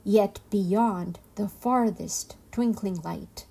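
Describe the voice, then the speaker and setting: A woman voicing a calm, wise old female turtle in a storybook reading, speaking softly and slowly. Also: medium pitch, gravelly, husky, heavily acted. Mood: serene. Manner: slow, soft and measured.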